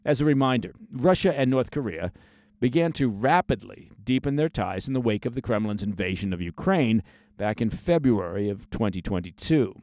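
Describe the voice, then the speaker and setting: A man's voice: fairly low pitch, a little mellow, dry recording, clean studio sound. A man hosting a scripted news briefing, reading the stories in a conversational way with short asides and stressed key words. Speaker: news podcast host.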